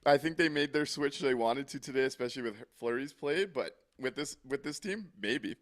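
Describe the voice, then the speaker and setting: A man's voice: mid-range voice, moderate pace. A man co-hosting a call-in hockey post-game show, talking bluntly in casual chat, exasperated and swearing freely.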